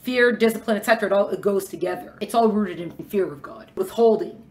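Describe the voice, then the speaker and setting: A woman teaching a lecture class in a quick, conversational way, acting out bits of dialogue. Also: medium pitch. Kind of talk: lecture on religious texts.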